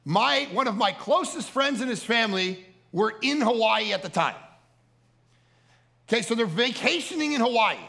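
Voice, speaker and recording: A man preaching a storytelling sermon at a family camp, animated and prone to repeating words and restarting sentences. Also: sits high, gravelly. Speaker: camp speaker.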